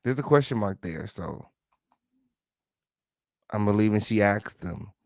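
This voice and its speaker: A man's voice: on the low side, big pitch swings, moderate pace, a little mellow, no room sound, studio quality. A man hosting an online show, reading court documents aloud to his live chat and commenting on them in a sarcastic, slangy way, with mocking quoted voices. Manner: sarcastic, slangy, talks back to the text.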